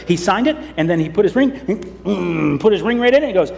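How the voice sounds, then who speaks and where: A man's voice: fairly high pitch, lively intonation, a little fast, gravelly, darkish tone. A man preaching as pastor, telling a children's story sermon and acting out the characters. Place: church sanctuary. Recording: long church hall reverb.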